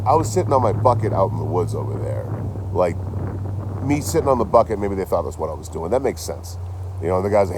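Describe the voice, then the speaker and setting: A man with a fairly low pitch rapidly tells the story of meeting the police, rambling, cursing, and animatedly quoting the people involved. It's a vlog shot on a handheld phone outside near trees and a road, with background noise.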